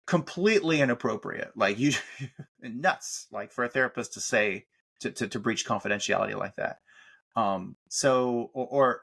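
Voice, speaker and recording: A middle-aged man speaks as a guest on a podcast, in a voice of ordinary middle pitch. He talks in animated, rambling bursts, stopping to restart sentences and briefly acting out other people's words. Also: vocal fry. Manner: animated, frequent restarts and "like", acts out quoted therapists. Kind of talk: conversational interview talk.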